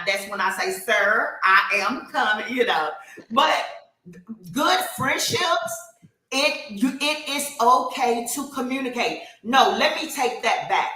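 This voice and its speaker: A woman chats on a podcast, her voice bright and forward. She tells stories with animated energy and frequent fillers. The room around her is echoey. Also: on the high side. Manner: animated storytelling with many fillers. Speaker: podcast co-host. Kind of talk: casual podcast chat.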